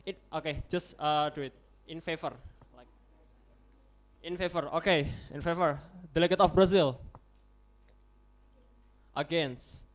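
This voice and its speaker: A young man with an Indonesian accent chairs a model UN roll-call vote in English, with a slightly raised voice. He talks in a halting way, restarting and correcting himself as he goes. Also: on the high side, fairly even intonation. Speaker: conference chair.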